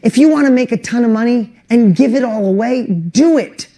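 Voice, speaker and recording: High-voiced earnest motivational man. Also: normal speed. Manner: emotional, earnest, pushes up loud on rallying lists. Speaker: online course host. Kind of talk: motivational webinar talk.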